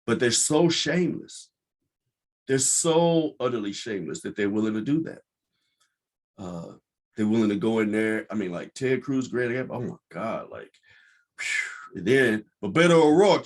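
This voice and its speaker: A man's voice: on the low side, animated, normal speed. Blunt, profane male podcast host. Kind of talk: casual commentary monologue.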